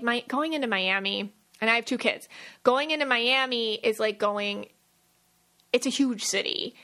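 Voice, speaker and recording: A chatty woman podcast co-host, in her thirties, telling everyday stories in a relaxed, animated way. Her voice is bright and sits a little high, and she acts out little quotes as she goes. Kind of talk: casual chat.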